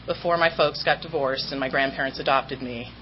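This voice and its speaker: A woman's voice: rumbling low, fairly quick, highs cut off, a little hiss or hum. Candid woman telling her recovery story. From Southern California. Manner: candid, self-mocking storytelling with acted-out quotes. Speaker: recovery meeting speaker.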